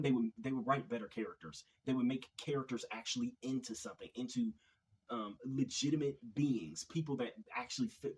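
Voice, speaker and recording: Male video host, husky mid-range voice, halting and repetitive, exasperated sighs between thoughts. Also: mid-range voice, a little mellow, poor audio. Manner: hesitant, repeats words, frequent sighs. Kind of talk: opinion commentary monologue.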